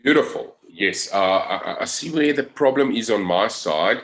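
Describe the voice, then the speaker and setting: A man with a South African accent speaks over a video call. His voice is somewhat low. He starts sentences haltingly, repeating "I" before he finds his words. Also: animated, a bit bright. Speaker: webinar participant. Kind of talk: casual video call chat.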